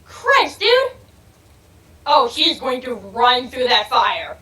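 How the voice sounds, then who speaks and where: A young woman giving let's-play commentary on a game, excitable, swearing freely and yelling and laughing as she plays. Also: sits high, slow pace. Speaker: gaming video creator.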